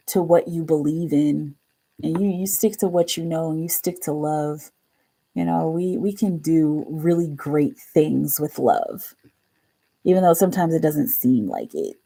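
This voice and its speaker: Hosting a tarot reading livestream, a young woman talks with her viewers in a loose, rambling manner, often laughing and leaning heavily on "like." She has a deep, mellow voice with vocal fry.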